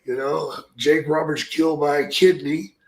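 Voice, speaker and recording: Gruff, profane man with a raised voice. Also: a little high, flat delivery, moderate pace, roomy sound, slight background noise. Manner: gruff, profane, rambling anecdotes. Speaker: retired pro wrestler telling stories. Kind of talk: casual podcast storytelling.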